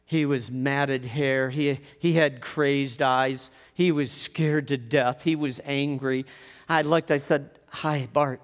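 A man telling a personal story in an animated way, often restarting with quick repeated words. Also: medium pitch, long reverb tail.

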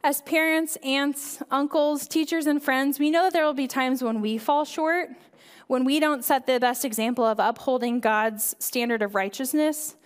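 A woman's voice: sits high, normal speed, in a large hall. A woman in her thirties giving a sermon as a church kids director, earnest and conversational, often checking in with the audience. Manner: earnest and conversational, frequent "right?" and "um". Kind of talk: sermon talk.

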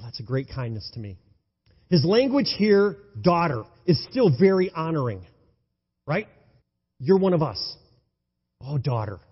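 A male pastor preaching an enthusiastic sermon, swinging between loud exclamations and hushed tones. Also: fairly high pitch, slightly rough. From United States. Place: church sanctuary. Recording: dull, lo-fi sound in a reverberant hall.

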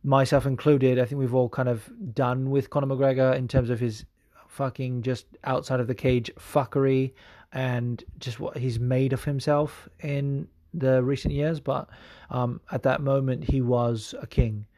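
A man's voice: medium pitch, flat delivery, a little slow, warm tone, no room sound, clean studio sound. A man hosting a podcast in casual chat, rambling with many fillers and swearing freely. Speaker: podcast host.

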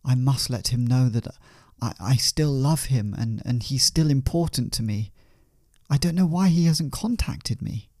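A man doing a melodramatic jailed poet, pleading and self-pitying, a little higher than his usual voice. The sound is dry and close, with no room echo. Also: measured pace, dark tone, natural voice. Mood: anxious. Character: lovesick imprisoned poet, whiny and dramatic.

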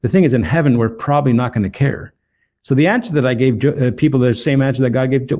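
Man, earnest storyteller, mellow warm voice, Bible testimony. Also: medium pitch, fast talker. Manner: earnest, retells dialogue with emphasis. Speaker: street evangelist.

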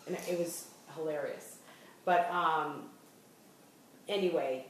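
A middle-aged woman from Boston with a clear Boston accent chats casually, restarting sentences and breaking into laughs. Her voice sits on the low side. She sounds distant from the mic in a very echoey room. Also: slow, a little hiss or hum. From Boston area. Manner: chatty, restarts often, laughs while talking. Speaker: host. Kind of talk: casual podcast chat.

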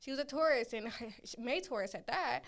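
A woman's voice: sits high, expressive, moderate pace, vocal fry. A woman co-hosting a podcast in casual chat, easygoing and filler-heavy as she explains her views. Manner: easygoing, lots of fillers like "you know what I'm saying". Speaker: podcast co-host.

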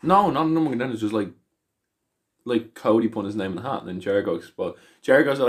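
A man's voice: lowish voice, lively intonation, fast talker. A man co-hosting a podcast in casual chat, rambling through stories with frequent restarts and swearing. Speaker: podcast co-host.

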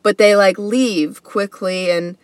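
Woman rambling through a story on her comedy pod, says bro and dude a lot, earnest, mid pitch, dead dry room. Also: steady tone, takes it slowly, no room sound. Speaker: comedy podcast host. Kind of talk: casual storytelling monologue.

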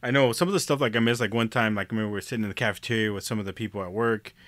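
An easygoing man chats casually, swearing freely and tossing in quick replies. His voice is bright and forceful, and the recording is dry and close. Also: on the low side, no room sound. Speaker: software company worker working from home. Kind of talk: casual chat.

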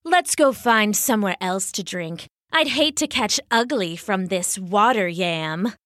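A woman's voice: mid-range voice, animated, a little slow, fairly bright tone, no room sound, clean studio sound. A woman voicing a vain, mocking female cheetah who talks in a sneering, purring way. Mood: haughty.

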